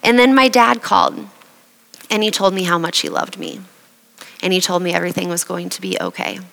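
A young woman from Iowa giving an earnest, emotional personal faith testimony at a slow, heartfelt pace. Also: on the low side, sing-song, vocal fry, a bit bright, long reverb tail, low-quality recording. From Iowa, USA.

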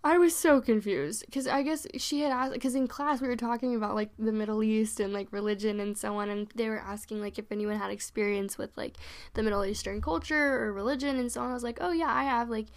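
A young woman co-hosting a podcast, telling personal stories in a candid, animated casual chat full of fillers. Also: fairly high pitch, fairly quick. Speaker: podcast co-host.

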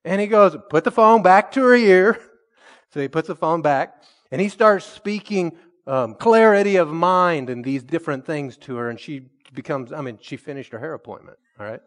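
A slightly high-voiced man delivers a sermon. He tells a story in a lively, conversational way. He slows right down to drive home his main points. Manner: storytelling preacher, slows for emphasis and rises when excited. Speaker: pastor.

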